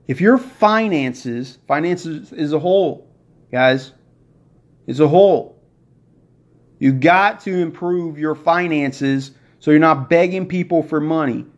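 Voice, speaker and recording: Excitable preachy man, slightly high voice. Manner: excitable and preachy, works himself up. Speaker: podcast host. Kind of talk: motivational podcast monologue. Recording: dull lo-fi recording.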